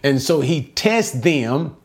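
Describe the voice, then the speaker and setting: A man's voice: fairly high pitch, expressive, slow. A man teaching verse-by-verse Bible commentary, emphatic and asking his listeners rhetorical questions, sometimes repeating words as he searches for the next thought.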